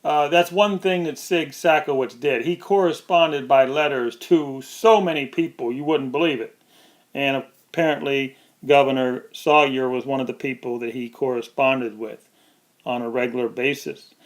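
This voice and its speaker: A man presenting historic documents in a dramatic, emphatic storytelling style with drawn-out pauses. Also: medium pitch, fairly even intonation. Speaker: archive presenter.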